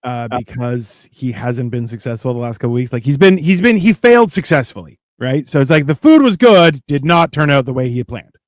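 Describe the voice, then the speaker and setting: A man's voice: mid-range voice, lively intonation, brisk, few pauses, dry recording. Profane, laughing male storyteller. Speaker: co-host. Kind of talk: casual storytelling chat.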